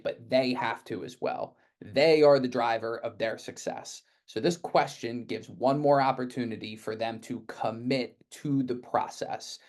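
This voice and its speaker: A middle-aged man giving a casual sales training talk, full of "right?" check-ins and quick acted-out client replies. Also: medium pitch, a little mellow. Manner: conversational, leans on frequent "right?" check-ins.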